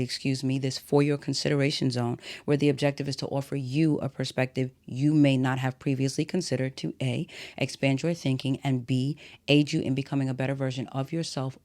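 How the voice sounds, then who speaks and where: A man hosting a solo podcast, talking bluntly and directly in a motivational, sermon-like way. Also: medium pitch. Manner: blunt, direct, self-described as not a soft speaker. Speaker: podcast host.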